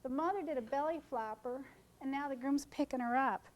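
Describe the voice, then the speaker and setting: A woman photographer speaks to a seminar room full of colleagues, her voice sitting high. She tells stories from her work with lots of life and acts out the people in them, picked up by a stage microphone. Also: fairly quick. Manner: animated storyteller who acts out quoted people. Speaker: wedding photographer presenting to colleagues. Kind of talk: seminar talk with storytelling.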